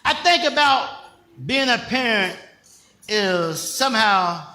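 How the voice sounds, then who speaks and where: An older man, a pastor, preaching in a conversational style with call-and-response questions, rising at times to shouts. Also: high-pitched, expressive, slow pace, echoey room. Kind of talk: sermon.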